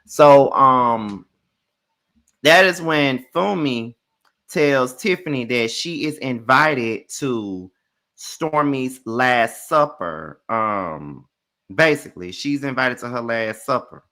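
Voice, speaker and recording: A young man hosting a casual reality show recap, telling it in an animated, sassy way full of swearing. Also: medium pitch, slow pace. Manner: animated, profane, sassy retelling.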